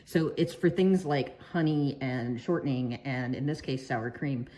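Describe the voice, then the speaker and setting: A woman's voice: rumbling low, unhurried, warm tone. A woman giving a casual baking tutorial, chatty and joking with viewers as she works. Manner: chatty and joking, talks to viewers while working. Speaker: baking instructor and shop owner.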